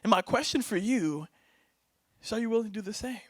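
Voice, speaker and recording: A young man giving a motivational keynote to a live audience, energetic and playful, laughing often and keeping the crowd involved with "right?". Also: high voice, brisk, no room sound. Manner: laughs often, acts out bits. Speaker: keynote speaker. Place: event stage before a live audience.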